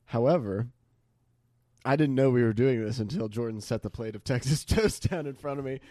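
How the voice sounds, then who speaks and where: A man's voice: mid-range voice, normal speed, dark tone, no room sound, studio quality. A young man co-hosting a podcast, chatting casually, joking and laughing often with rambling asides. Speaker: podcast co-host. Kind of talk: casual chat.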